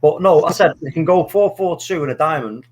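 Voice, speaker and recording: A middle-aged man telling a story in casual chat, animated and swearing freely. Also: on the high side, fairly quick. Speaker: podcast co-host.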